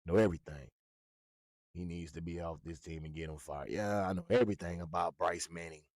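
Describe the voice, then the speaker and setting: A man's voice: low-pitched, little pitch movement, a little fast, dry recording. A man ranting with profane, mocking, confrontational commentary about a football coach. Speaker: sports commentator.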